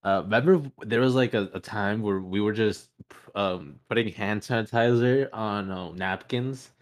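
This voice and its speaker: A man's voice: on the low side, moderate pace. A young man co-hosting a podcast, telling stories in a rambling way with lots of swearing and laughing. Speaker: podcast co-host. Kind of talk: casual chat.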